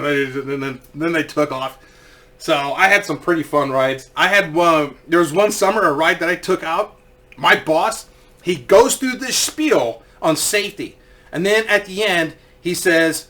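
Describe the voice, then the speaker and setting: Bright-voiced young man telling stories. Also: a little high, normal speed. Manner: animated, swears freely, laughs through his stories. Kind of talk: casual comedic storytelling.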